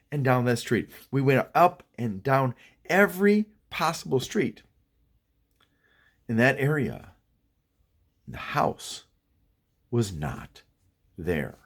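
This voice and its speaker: A man telling a spooky childhood story, dropping to a hush and rising to frantic cries. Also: mid-range voice, slightly rough. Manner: hushed, swinging to frantic cries. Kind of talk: spoken horror story.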